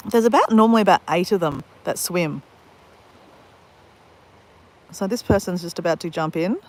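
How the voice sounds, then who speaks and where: An Australian woman vlogging live outdoors at a beach at dawn, chatting in a rambling, fast-talking way with lots of restarts. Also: lowish voice, a little mellow. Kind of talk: live-stream chat on a beach walk.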